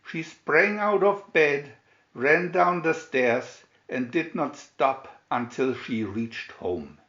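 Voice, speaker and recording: A man reading a fairy tale aloud from a picture booklet, expressive storytelling with announced picture numbers. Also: fairly high pitch, slow pace, roomy sound, highs cut off. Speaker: storybook reader. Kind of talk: slow read-aloud fairy tale narration.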